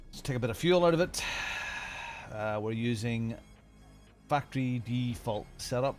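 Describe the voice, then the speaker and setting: A male sim racing streamer chatting live in a mid-pitched voice. He rambles and thinks aloud, trailing off and restarting his sentences. Faint music plays underneath. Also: lively intonation, moderate pace, a little mellow. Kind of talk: casual live-stream chat.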